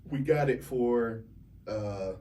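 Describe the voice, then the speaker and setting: An animated man tells a story as a realtor guest on a podcast, laughing often and acting out what other people said. The mic sits a bit far from him, with faint noise in the background. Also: mid-range voice, takes it slowly. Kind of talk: casual storytelling.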